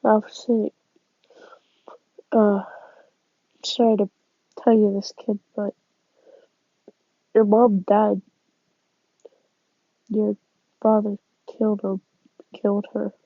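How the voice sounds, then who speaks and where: A woman casually narrating a fan story, halting, with sighs and restarts. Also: mid-range voice, little pitch movement, no room sound. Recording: dull lo-fi sound.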